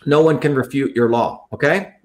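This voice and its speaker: A man's voice: medium pitch, moderate pace. A man talking in an interview, explaining at length in an earnest, lecturing way and often repeating his phrases. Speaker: guest.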